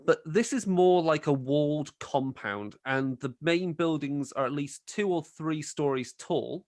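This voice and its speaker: A man's voice: on the high side, no room sound, studio quality. Man rambling as game master. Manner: rambling descriptive narration with fillers. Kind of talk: narrating a tabletop game.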